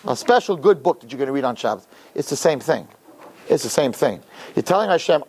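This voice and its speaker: Rabbi guy preaching to boys, tells a jokey story, voice jumps all over, bit higher than most. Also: moderate pace, breathy edge. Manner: animated, joking storyteller. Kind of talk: sermon with storytelling.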